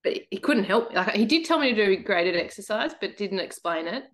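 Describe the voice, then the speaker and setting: A woman guest telling her story in a casual interview, animated, laughing often and acting out her own past thoughts. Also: medium pitch, brisk.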